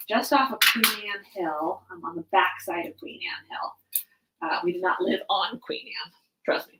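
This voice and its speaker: A woman's voice: lowish voice, a bit bright, a little hiss or hum, low-quality recording. Young woman, rambling live-stream chat, lots of ums, slightly worn voice. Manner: rambling, chatty, many fillers. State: voice going hoarse. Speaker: author hosting a live stream. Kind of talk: casual live-stream chat while packing boxes.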